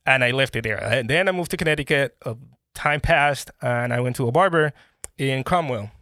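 A Colombian-born man who grew up speaking Spanish tells his story as a podcast guest. He talks in animated, restarting bursts, at a middle pitch. His voice is recorded close and dry. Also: moderate pace, no echo. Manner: animated, restarts often, bursts into laughing exclamations. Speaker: podcast guest, brand founder. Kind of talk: casual interview storytelling.

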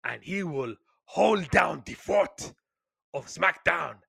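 A man's voice: a little high, lively intonation, takes it slowly, gravelly, sharp tone, breathy edge, dry recording, clean studio sound, exaggerated voice. A man doing a boastful wrestler in a heavy mock Nigerian accent. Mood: grandiose. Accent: exaggerated Nigerian, put on.

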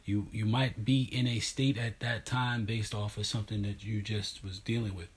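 A man in casual chat, thoughtful and analytical, speaking in halting, searching phrases. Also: on the low side, steady tone, breathy edge.

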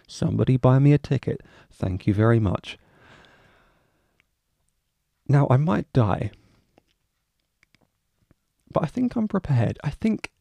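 A man's voice: medium pitch, creaky, warm tone, dry recording. A young man hosting a casual solo podcast, rambling, swearing freely and joking at his own expense. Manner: rambling, swears freely, self-mocking asides. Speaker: podcast host.

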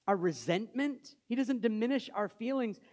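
A male pastor preaching a sermon in a conversational way, asking the congregation questions and dropping soft for scripture readings. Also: very high-pitched, lively intonation, normal speed.

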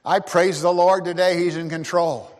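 A male pastor preaching a sermon, emphatic, swinging between loud declarations and hushed asides. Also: sits high, fairly even intonation, moderate pace, long reverb tail.

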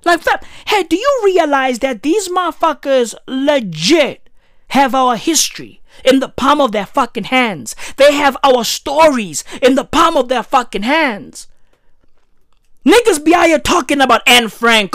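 Woman, heated slangy rant, high voice, slow unhurried delivery. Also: lively intonation, fairly bright tone, no echo, clean studio sound. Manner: heated, profane, repetitive, slangy. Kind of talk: profane ranting monologue.

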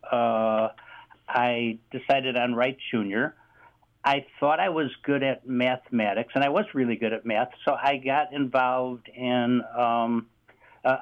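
A man in his sixties with a Chicago accent, telling stories as a radio guest in a halting, joking way with many fillers. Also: mid-range voice. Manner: halting, many fillers, self-deprecating humor. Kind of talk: radio interview storytelling. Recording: slightly dull lo-fi sound.

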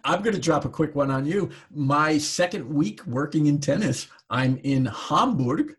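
A man hosting an interview, chatting casually and telling a quick anecdote with sound effects. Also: a little high, animated, husky. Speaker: podcast host, interviewer.

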